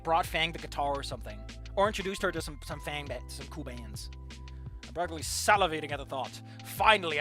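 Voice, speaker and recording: Streamer reading a game out loud, super lively, squeals a lot, bright voice, light music behind. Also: mid-range voice. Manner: animated, loud squealing reactions, jokey. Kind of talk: reading a visual novel aloud with commentary.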